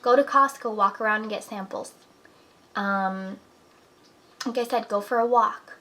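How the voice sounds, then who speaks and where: A woman's voice: mid-range voice, measured pace, bright, forceful tone, low-quality recording. A young woman in her twenties talking earnestly to camera at home, giving encouraging life advice in a casual chatty way. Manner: earnest, encouraging, talks with "like" and "you know". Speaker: vlogger. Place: apartment at home.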